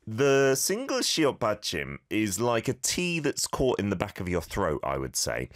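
A man with a lowish voice hosts a radio-style language lesson, his pitch rising and falling a lot as he models phrases. He corrects listeners patiently and encouragingly. The sound is dry and close, with no room echo. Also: huge pitch swings, fairly quick, few pauses. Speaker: host and language teacher.

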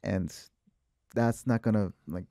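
A man's voice: lowish voice, takes it slowly, gravelly, dark tone, no echo, clean studio sound. A jet-lagged man in casual podcast chat, laughing often and rambling loosely.

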